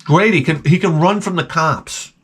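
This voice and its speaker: A middle-aged man hosting his channel, telling a comic story in a profane, animated rant full of restarts. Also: fairly high pitch, moderate pace, slightly rough. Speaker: host.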